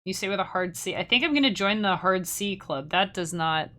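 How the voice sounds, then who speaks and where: A woman who streams and makes music chats casually with her viewers, rambling, restarting sentences, and laughing often. Her medium-pitched voice is animated, brisk, and a bit bright.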